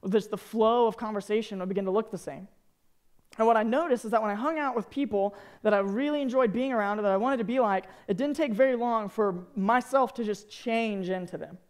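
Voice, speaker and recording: Young guy from arkansas preaching to teens, high voice, cracks jokes, super animated. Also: a little fast, clean tone. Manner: animated, joking storyteller. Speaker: youth speaker. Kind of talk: sermon to students.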